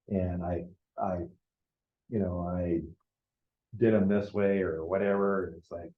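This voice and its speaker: A man with a fairly low voice runs a business planning workshop for a live group in a meeting room. He talks informally and keeps checking in with his listeners as he goes. The recording is dull and lo-fi, with a noticeable room echo. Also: fairly even intonation, measured pace, pauses often. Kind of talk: informal classroom lecture.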